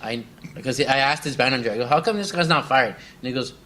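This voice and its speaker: A man's voice: mid-range voice, fast, pushed and bright, a little hiss or hum. A young man co-hosting a casual chat, rambling through workplace stories and acting out his coworkers' lines with lots of laughter. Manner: rambling storyteller, acts out quoted coworkers, laughs often. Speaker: podcast co-host.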